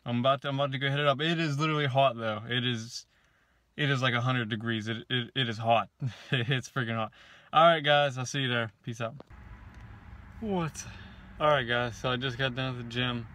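A young man chatting casually into a handheld camera mic, excitable and prone to repeating himself and laughing. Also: medium pitch, brisk. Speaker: gaming vlogger.

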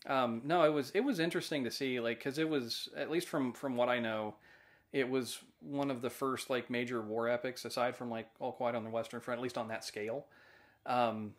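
A man's voice: medium pitch, steady tone, a little fast. A man co-hosting a film review podcast, chatting casually, often agreeing and restarting his sentences. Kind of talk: casual conversational film discussion.

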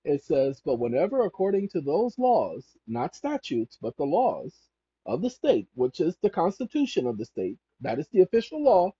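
On a dull lo-fi recording, a husky, dark-toned voice of medium pitch swoops wildly up and down at a moderate pace. The speaker offers rambling legal commentary, reading passages aloud, repeating points emphatically and correcting themselves mid-sentence.

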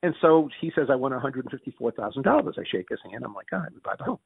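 Jumping through long personal stories with restarts, quick self-corrections and quoted dialogue, a middle-aged American man speaks as an interview guest. His medium-pitched voice is slightly rough with vocal fry and lively intonation, and the phone-like line sounds dry, with no room sound.

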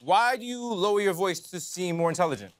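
A man's voice: sits high, lively intonation. A man in a comedy sketch playing a cheeky male reporter who fires teasing questions at a press conference. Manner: teasing, fast-talking questioner. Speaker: comedy show host.

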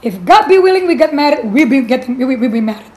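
A woman's voice: high voice, expressive, fast talker, darkish tone, low-quality recording. A woman pastor sharing her faith testimony in an earnest, emotional way, often restarting her sentences and adding "you know".

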